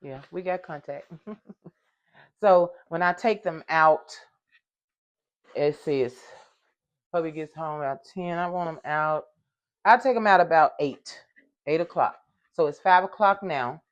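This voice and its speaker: An older woman chatting casually to viewers while baking in her home kitchen. She hums along as she works and sometimes gets loud in the microphone. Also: low voice, a little slow, pauses often, muffled recording. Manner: loud at times, apologizes for yelling into the mic. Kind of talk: casual cooking vlog.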